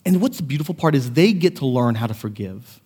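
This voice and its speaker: A man preaching a sermon as pastor, earnest, moving between quiet reflection and raised, impassioned passages. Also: medium pitch, animated, a little fast, husky, in a large hall. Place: church sanctuary.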